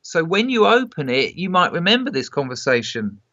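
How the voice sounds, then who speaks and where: Bright-voiced man, probing questions. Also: fairly high pitch, big pitch swings, moderate pace, no room sound, muffled recording. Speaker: guest, novelist. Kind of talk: casual conversation.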